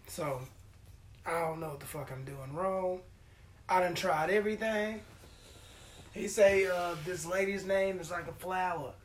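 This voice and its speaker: A man hosting a podcast, telling a story in a casual, profane, animated way and acting out the quotes. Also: high-pitched, measured pace, long pauses. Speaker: podcast host.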